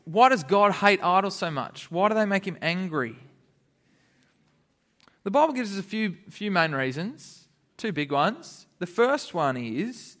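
A man giving a lively Bible lesson to children, laughing often and acting out the characters. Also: high voice. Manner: animated, laughing, acts out characters. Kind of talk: lively kids' sermon.

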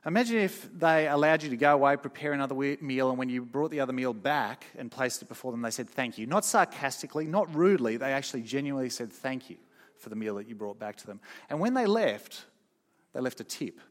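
A man preaching a sermon, telling stories with emphatic swings from loud to soft. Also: medium pitch, lively intonation, fast talker. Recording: long hall reverb.

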